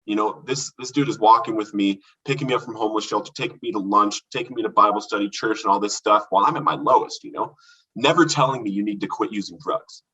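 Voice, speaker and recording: A man recounting his recovery from addiction as a podcast guest, earnest and halting, with many restarts. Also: lowish voice, pushed and bright, slightly rough, distant mic, low-quality recording. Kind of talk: candid testimony in a podcast conversation.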